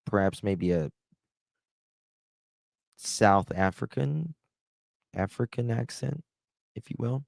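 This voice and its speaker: A man hosting a casual live stream, rambling and hesitant, warmly thanking chat. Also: on the low side, lively intonation, slow, creaky, pauses often, no room sound. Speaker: livestream host.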